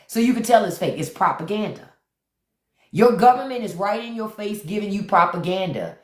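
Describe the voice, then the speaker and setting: A woman's voice: medium pitch, animated, moderate pace. A woman hosting a livestream, talking bluntly and preachily, repeating lines for emphasis and greeting viewers by name. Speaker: live stream host. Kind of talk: livestream commentary. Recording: echoey room.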